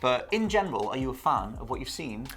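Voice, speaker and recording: A man's voice: mid-range voice, very animated, fast. A man co-hosting a casual podcast in an easygoing, teasing way, laughing along often. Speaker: podcast co-host. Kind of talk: casual chat.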